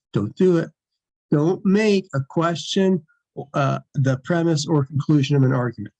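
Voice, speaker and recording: A man with a slightly high voice delivers a recorded logic lecture. He talks in a loose, conversational way, restarting phrases and hammering home his points. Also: poor audio. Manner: conversational, lively, repeats for emphasis. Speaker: philosophy lecturer.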